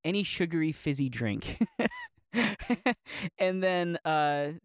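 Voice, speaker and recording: Young guy, loose rambling monologue, laughs often, bit high, dry close mic. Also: slow, clear, resonant tone, no room sound. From Northeast Ohio. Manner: rambling, laughs often, many likes and restarts. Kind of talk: casual monologue.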